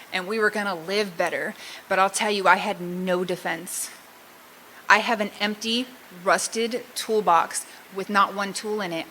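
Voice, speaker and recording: A woman's voice: mid-range voice, bright, forceful tone, slight background noise, low-quality recording. A middle-aged woman from Southern California sharing her recovery story in a candid, self-mocking way, often laughing at herself. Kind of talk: personal testimony talk.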